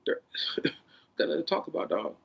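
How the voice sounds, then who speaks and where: A man in an unscripted, profane rant, swinging between loud bursts and a held-down, controlled tone. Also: fairly quick, muffled recording. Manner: says he is holding his voice down in a controlled tone. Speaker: vlogger.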